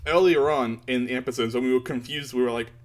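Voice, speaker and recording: A man chatting casually, retelling a story in an animated way with frequent laughter and swearing. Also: mid-range voice, fast talker, soft background music. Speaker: podcast co-host. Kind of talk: casual chat retelling a manga chapter.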